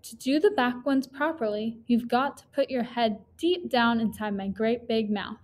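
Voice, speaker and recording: A woman voicing a cunning, grinning male crocodile in a poem read aloud, with a coaxing, smooth-talking manner. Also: a little high, moderate pace, a little mellow, close to an everyday voice.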